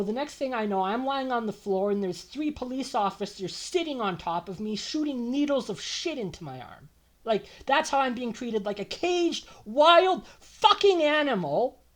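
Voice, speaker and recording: Ranting emotionally to camera, a young man from Canada confesses his own story as a vlogger. His language is full of swearing, and his voice swings sharply in both pitch and volume.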